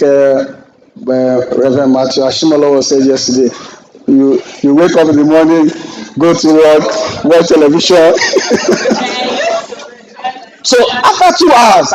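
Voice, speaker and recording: A middle-aged Nigerian man teaching a real estate class, lively and joking, acting out exchanges with clients as he goes. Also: fairly high pitch, slight background noise, low-quality recording. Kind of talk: classroom lecture with anecdotes.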